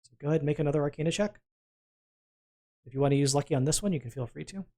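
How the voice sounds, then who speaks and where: In a fairly high, mellow voice, a man serves as game master, moving things along briskly as he calls for rolls of the dice and narrates the outcomes.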